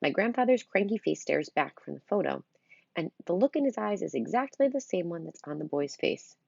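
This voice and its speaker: A middle-aged woman reads a children's novel aloud, adding chatty, punny asides for her listeners. Her voice is low and husky, with a lively, swinging melody. The recording is dull and lo-fi. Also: brisk, no room sound. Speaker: storybook reader.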